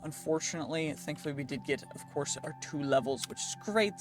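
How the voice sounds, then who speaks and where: Chatty, excitable man commenting on gameplay. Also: a little high, fairly quick. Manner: chatty, excitable, talks through his moves with frequent restarts. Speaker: gaming channel host. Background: background music.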